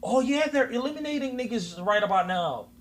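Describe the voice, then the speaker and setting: A man's voice: extremely high pitch, animated, brisk, noisy background. A man streaming live, giving reaction commentary in heated, profane rants at viewers, with repeated oaths. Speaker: livestreamer.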